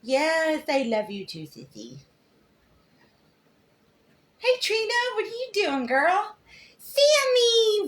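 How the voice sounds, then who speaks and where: A woman's voice: extremely high pitch, wildly swooping pitch, takes it slowly, pauses often. A middle-aged woman hosts a crafting livestream, chatting affectionately and greeting viewers by name while she demonstrates.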